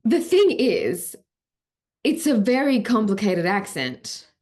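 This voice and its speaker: Young Australian woman, actor guest in an interview, talkative storyteller, asides strung together with "like.". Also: medium pitch. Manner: chatty, animated storyteller, quick asides with "like". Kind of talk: casual interview chat.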